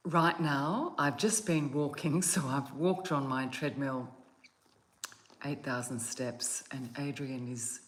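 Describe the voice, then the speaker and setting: Soft woman rambling to viewers on her phone, low voice, kinda echoey. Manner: soft, gentle and meandering, with yawns. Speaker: meditation channel host. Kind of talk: casual chat to viewers. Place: at home, outdoors on a calm day.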